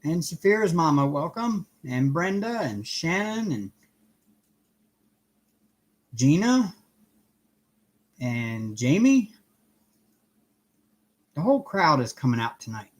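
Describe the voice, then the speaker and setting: A man's voice: on the high side, big pitch swings, takes it slowly, pauses often. A man hosting a casual live stream from home, cheerfully greeting viewers one by one by name while he works on a craft project. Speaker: livestream host.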